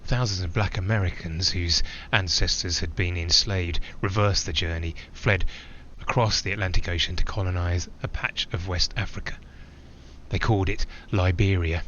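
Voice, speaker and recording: An actor voices a narrator-pilot flying alone, giving a musing theatrical monologue full of reflective digressions and slight hesitations. His low, bright, forceful voice stays fairly even at a moderate pace, on a muffled recording with a little hiss or hum.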